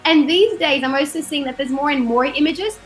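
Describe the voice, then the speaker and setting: Chatty webinar host, woman, high voice, acts out quotes, video call mic. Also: moderate pace, faint music behind. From not from Australia; studied there. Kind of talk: casual webinar talk.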